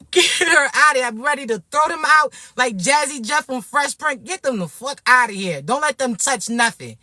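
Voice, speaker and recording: A woman from Florida, ranting to camera in a brash, profane, animated way. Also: high-pitched, moderate pace, hardly any pauses, no room sound, studio quality. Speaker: vlogger. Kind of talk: casual rant to camera.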